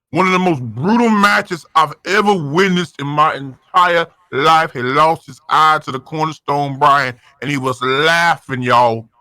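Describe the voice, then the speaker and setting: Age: adult. Role: excitable wrestling commentator. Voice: bright, dry. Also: male voice, fairly high pitch, no echo. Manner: dramatic, excitable, hype. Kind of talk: over-the-top comedic wrestling commentary.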